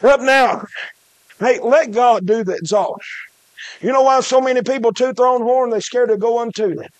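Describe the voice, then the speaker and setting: A man preaching a shouted revival sermon in a church, punctuating his phrases with "uh" and "hey" and dropping low between the shouts. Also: moderate pace, no echo.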